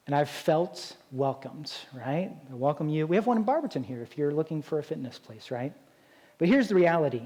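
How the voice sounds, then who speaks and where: High-voiced man preaching a casual sermon. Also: darkish tone, poor audio. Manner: conversational, keeps asking "right?". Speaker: pastor.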